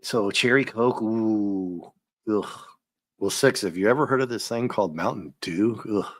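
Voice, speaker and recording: A man hosting a casual comic book review, joking and animated, often breaking into silly voices. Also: lowish voice, a little slow, dry recording, clean studio sound. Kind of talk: casual chat.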